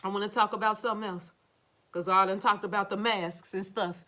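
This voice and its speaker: A woman's voice: medium pitch, steady tone, a little fast, bright, forceful tone. Profane, emphatic woman ranting on a livestream. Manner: profane, emphatic, talks straight to viewers. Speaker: livestream host reading viewer comments. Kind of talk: casual livestream rant.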